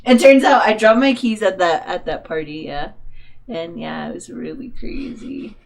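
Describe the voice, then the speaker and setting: A woman's voice: lowish voice, animated, normal speed, vocal fry. A young woman co-hosting a podcast, telling a story in casual chat, often laughing and acting out the people she quotes. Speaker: podcast co-host.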